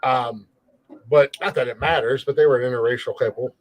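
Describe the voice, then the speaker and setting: A man's voice: mid-range voice, steady tone, a little fast, rough recording. A man hosting a podcast, talking in a rambling, profane, folksy way about being a country guy. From rural countryside. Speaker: podcast host. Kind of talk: casual podcast chat.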